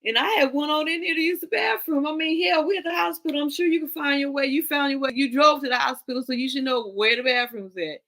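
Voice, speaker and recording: A woman tells rambling personal stories on a home livestream. Her voice sits a little high. She talks casually and animatedly, laughing often and dropping into other people's voices as she quotes them. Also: fast, few pauses, a bit bright, poor audio. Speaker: tarot reader on a livestream. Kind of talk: casual storytelling.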